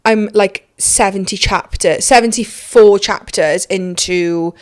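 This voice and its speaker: A woman's voice: mid-range voice, slow. A young adult woman hosting a podcast in casual chat, gushing and emphatic, swearing freely. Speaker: podcast host.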